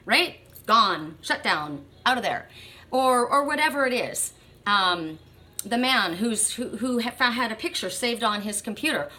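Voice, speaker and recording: A woman's voice: fairly high pitch, expressive, moderate pace, sharp tone. A woman giving a spiritual card reading, speaking emphatically, repeating phrases and often checking in with "right?". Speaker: oracle card reader.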